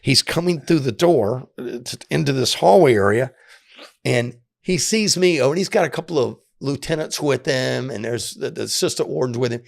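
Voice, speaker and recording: A gravelly, husky middle-aged man tells a story. His pitch swings widely as he acts out each person, stumbling and repeating words. The sound is dry and close. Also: moderate pace, no echo. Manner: animated, acts out quoted voices, repeats and restarts often. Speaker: podcast guest telling his prison story. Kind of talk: casual storytelling.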